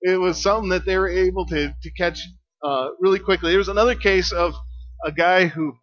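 A man's voice: high voice, fairly even intonation, a little fast, fairly bright tone. A man preaching a sermon as pastor, telling stories casually with lots of fillers and chuckles. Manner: chatty storytelling with many fillers and chuckles. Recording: dull lo-fi sound.

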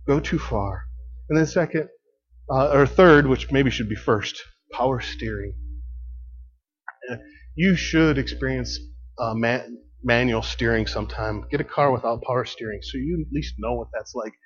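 A man preaching in a relaxed, conversational way, laughing often and swinging between quiet and emphatic. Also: medium pitch, moderate pace, muffled recording. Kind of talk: sermon.

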